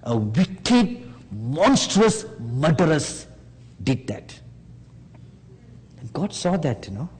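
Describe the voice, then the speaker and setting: A man preaching a sermon, speaking slowly and emphatically and rising on rhetorical questions to his listeners. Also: medium pitch, very animated, darkish tone, husky. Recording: long hall reverb.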